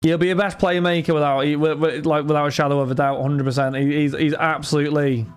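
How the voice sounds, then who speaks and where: A man's voice: on the high side, little pitch movement, fast, clear, resonant tone. Chatty man hosting a live stream. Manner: chatty, addresses chat and viewers by name, frequent restarts. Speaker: livestream host running card breaks. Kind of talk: casual livestream chat.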